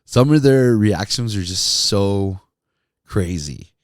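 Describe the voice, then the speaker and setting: A man's voice: fairly low pitch, lively intonation, slow pace, no echo, clean studio sound. A man who hosts a podcast and used to be a radio DJ, telling stories in a laid-back way, laughing often and saying "dude" and "man". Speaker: podcast host, former radio DJ. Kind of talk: casual storytelling monologue.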